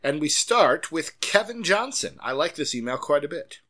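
A man co-hosting a podcast in casual chat, rambling along and poking fun at himself. His bright voice moves around a lot in pitch. He talks loosely and unscripted. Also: big pitch swings, normal speed. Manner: rambling, self-deprecating. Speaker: podcast co-host.

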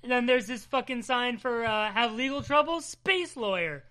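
A high-voiced woman recaps a comic issue in casual chat. She swears constantly and retells the scenes with lively amusement. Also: normal speed. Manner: profane, laughing, animated storytelling. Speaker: comic book podcast co-host.

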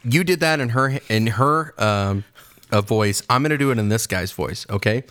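A man's voice: mid-range voice, normal speed, a bit bright. A man co-hosting a podcast in casual banter, playful and full of mock-solemn joking. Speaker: podcast co-host.

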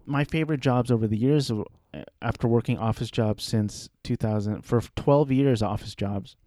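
A man in his thirties talking casually about his life, rambling and self-deprecating, with halting restarts. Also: mid-range voice, dark tone, no echo, clean studio sound. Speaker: aspiring voice actor. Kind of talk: casual personal monologue.

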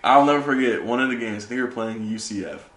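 A young man, a podcast host, telling animated stories in casual chat and saying "bro" a lot. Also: medium pitch, quick pace, roomy sound, slight background noise. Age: young adult.

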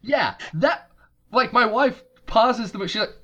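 A man's voice: very high-pitched, expressive, unhurried, fairly bright tone, dull audio. A man hosting a podcast, recapping a movie in casual chat with sarcastic asides over a remote call. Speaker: podcast host.

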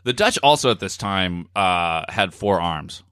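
A man's voice: low-pitched, lively intonation, unhurried, fairly bright tone, clear, resonant tone, no echo, clean studio sound. A man co-hosting a podcast, chatting casually, goofy and often laughing. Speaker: podcast co-host. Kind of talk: casual comedic chat.

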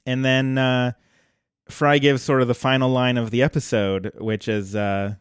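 A man hosting a podcast, casually retelling a cartoon episode at length in a relaxed storytelling manner. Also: mid-range voice, moderate pace, clean tone, no room sound, studio quality. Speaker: podcast host.

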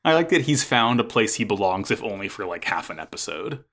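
A man's voice: lowish voice, big pitch swings, fairly quick, fairly bright tone. A man in casual chat recapping an anime episode as a podcast co-host, rambling with restarts and frequent swearing.

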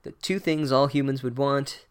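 A man's voice: mid-range voice, steady tone, moderate pace, smooth, close to an everyday voice. Old headmaster wizard put on by a man, flippant, offhand, breezy, comedic recap.

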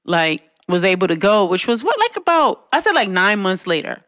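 A woman on a podcast telling a family story in casual chat, animated and laughing, with frequent asides to her listeners. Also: normal speed, dry recording, studio quality. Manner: animated, laughing, acts out quotes in a high voice; conversational, with frequent "you know what I'm saying".

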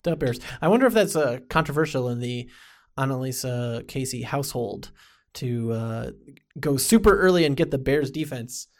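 A man's voice: mid-range voice, animated, moderate pace. A man co-hosting a fantasy football podcast in casual chat, rambling and amused.

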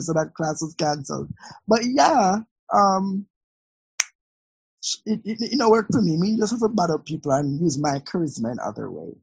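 Woman co-host, very husky, dry close sound, animated. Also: fairly low pitch, moderate pace, dry recording, rough recording. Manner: animated storyteller, patois-tinged. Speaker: law student, co-host. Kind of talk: casual podcast chat.

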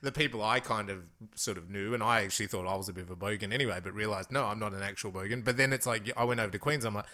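Man, Australian accent, bright forceful voice, podcast co-host, casual chatty film talk. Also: lowish voice, rapid-fire, hardly any pauses. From Western Australia. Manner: chatty, laughs often, leads the discussion.

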